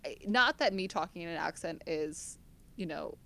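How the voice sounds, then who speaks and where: A woman's voice: fairly low pitch, animated, moderate pace, creaky, a bit bright. A young American woman co-hosting a podcast, chatting casually and laughing at herself. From United States. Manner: chatty, self-deprecating, laughs often. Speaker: podcast co-host. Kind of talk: casual chat.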